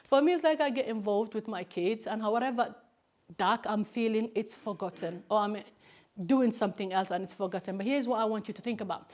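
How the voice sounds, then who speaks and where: A woman whose first language is Somali, giving a lively personal talk to students as a campaigner, telling stories animatedly. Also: mid-range voice, brisk, dull audio. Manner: animated storytelling, acts out family members' voices.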